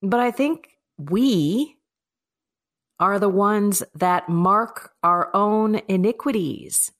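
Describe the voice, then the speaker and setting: Unhurried woman hosting a faith podcast, chatty and emphatic, recorded in an echoey kitchen. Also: mid-range voice. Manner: chatty, emphatic, self-deprecating. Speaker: podcast host. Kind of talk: devotional podcast monologue. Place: echoing home kitchen. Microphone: microphone with laptop. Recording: echoey kitchen with faint music.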